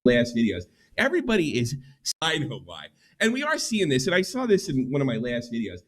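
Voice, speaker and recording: A man's voice: wildly swooping pitch, brisk. A middle-aged man ranting on a livestream, profane and heated. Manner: ranting, profane, swings pitch widely. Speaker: streamer.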